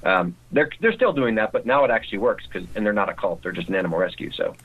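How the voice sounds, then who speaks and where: A man's voice: fairly low pitch, animated, fast talker, slightly rough, narrow, tinny audio. A man speaking as a guest in a casual interview, talking conversationally with frequent restarts.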